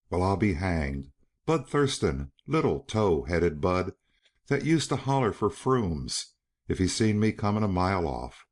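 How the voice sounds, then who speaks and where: A man reading as a drawling old cowman. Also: low voice. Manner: drawling, folksy frontier talk. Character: older blunt cowman with a whimsical drawl.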